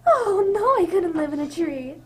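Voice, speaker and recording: A woman playing a sweet, gentle young princess who frightens easily, in a radio drama. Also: very high-pitched, sing-song, normal speed. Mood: sweet, wondering. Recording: loud background noise.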